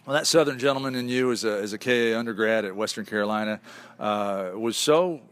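A man's voice: on the low side, fairly quick, clean tone. A man hosting a talk show interview, upbeat and enthusiastic. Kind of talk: hosted interview.

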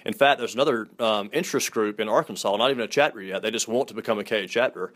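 A young man in his twenties speaks with a Mississippi Southern accent, answering interview questions in a friendly, easygoing way. His voice sits low and he talks quickly. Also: fairly bright tone. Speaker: fraternity headquarters staffer.

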